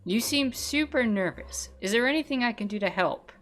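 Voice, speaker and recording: A woman reading the lines of a calm, polite frog detective from a game in a deadpan way, with faint music behind. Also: fairly high pitch, normal speed, lightly acted.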